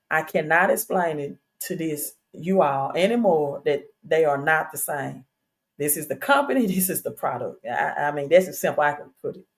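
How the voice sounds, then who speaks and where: A woman's voice: deep voice, creaky. A woman hosting a casual livestream, talking straight to her viewers in a chatty, insistent way with fillers and repeated questions. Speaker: crypto livestream host. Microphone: streaming setup.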